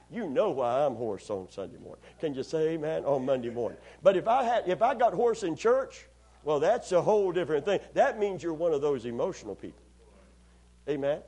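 Folksy husky-voiced preacher man. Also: sits high. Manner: folksy, joking, repeats words. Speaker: pastor. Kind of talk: sermon.

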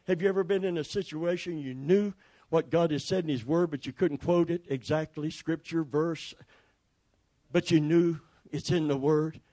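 A man's voice: a little high, steady tone, normal speed, dark tone. A man pastor preaching a sermon with emphatic repetition and calls for the congregation to respond.

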